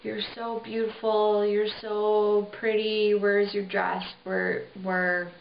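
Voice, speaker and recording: A woman voicing gushing, excited party guests with a squealing, breathless manner. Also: medium pitch, takes it slowly, gravelly, distant mic, slight background noise, pitched above the performer's own voice. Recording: roomy, dull lo-fi sound.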